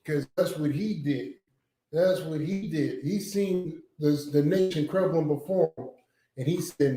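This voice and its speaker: A man's voice: a little high, measured pace, warm tone. A man with a Southern US accent leading a religious class discussion, emphatic and preachy, with casual slang. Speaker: class teacher. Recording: echoey room.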